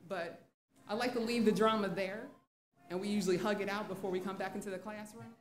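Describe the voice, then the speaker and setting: A woman's voice: mid-range voice, fairly even intonation, a little fast. A woman teacher telling a candid, conversational story on stage at a live event. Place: live event in a museum venue. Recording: echoey live venue.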